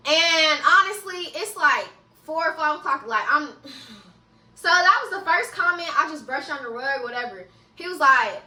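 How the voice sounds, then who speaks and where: A young woman telling a casual story-time vlog, animated and laughing often, with frequent swearing, recorded in an echoey room a little away from the mic. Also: sits high, normal speed, recorded from a distance. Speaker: vlogger.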